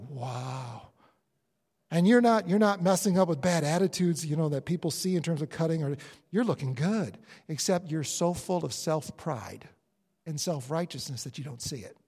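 A man preaching a sermon in an animated way, acting out the inner voices of believers. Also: high-pitched. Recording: long hall reverb.

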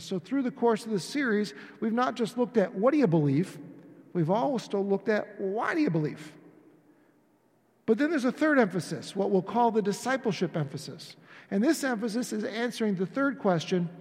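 High-voiced pastor preaching in a hall. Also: male voice, darkish tone, breathy edge. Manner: conversational preaching with acted-out dialogues. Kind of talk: sermon. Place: church sanctuary. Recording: echoey church hall.

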